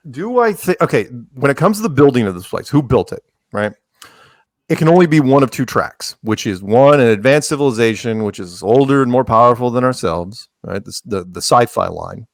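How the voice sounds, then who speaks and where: A man guest on a casual podcast, telling stories with jokey asides and plenty of restarts. His voice sits at an ordinary middle pitch. The recording is close and dry, with no room sound. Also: normal speed, no echo. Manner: animated storyteller, jokey asides, frequent restarts.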